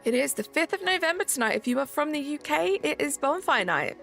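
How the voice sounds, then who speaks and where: A woman's voice: high-pitched, brisk, vocal fry. A woman in her thirties hosting a gaming livestream, chatting casually and rambling with lots of fillers. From United Kingdom. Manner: relaxed, rambling, many "like" fillers. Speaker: livestream host. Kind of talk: casual chat while gaming, reading chat. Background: faint background music.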